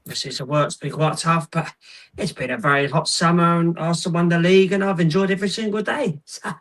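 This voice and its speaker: A man's voice: on the high side, steady tone, fast talker, a bit bright. A man co-hosting a casual football fan podcast, cheerful with dry humour, often trailing off mid-sentence. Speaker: podcast co-host.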